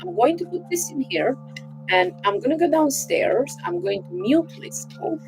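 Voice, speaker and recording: A woman's voice: sits high, very animated, normal speed, faint music behind. A woman hosting a live art stream, chatting casually and rambling cheerfully into a computer microphone.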